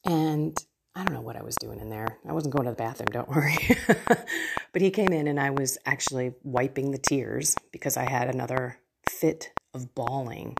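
A woman's voice: a bass voice, creaky, very noisy. A middle-aged woman sharing a heartfelt personal reflection on faith and trust, speaking earnestly to her viewers. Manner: earnest, heartfelt, slow and soft at times. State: tearful at moments. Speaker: faith coach and host. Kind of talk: personal spiritual reflection to camera.

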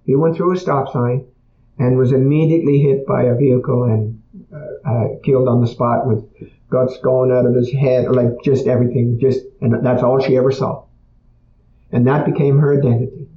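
A man's voice: medium pitch, fairly even intonation, normal speed, a little hiss or hum. A man speaking to an audience in a conversational storytelling way. He repeats his points and often checks in with "okay?". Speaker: speaker on emotional healing. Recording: echoey, dull room sound.

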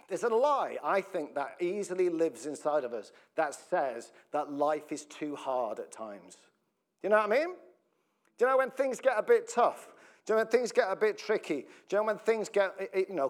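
A man preaching a sermon as pastor, chatty and joking, often laughing and asking the congregation questions. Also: a little high. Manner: jokey, laughs often, breaks up mid-sentence; conversational, asks the congregation questions.

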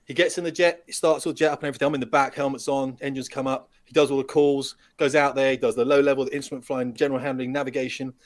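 A middle-aged man, a retired pilot, telling lively anecdotes as a podcast guest and acting out the dialogue. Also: medium pitch, rapid-fire, hardly any pauses. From United Kingdom. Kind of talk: storytelling in a podcast interview.

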